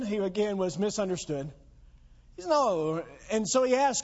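A pastor preaching a sermon in a strikingly high-pitched male voice. He is emphatic and keeps putting rhetorical questions to the congregation. The recording is dull and lo-fi. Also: animated, a little slow, long pauses, darkish tone.

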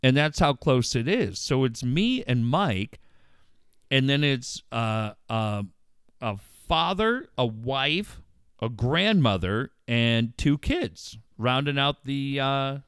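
A man's voice: medium pitch, slow, smooth, dry recording, studio quality. A middle-aged man telling a story in casual, profane podcast talk, acting out the voices of the people in it. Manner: profane, animated storyteller who acts out voices.

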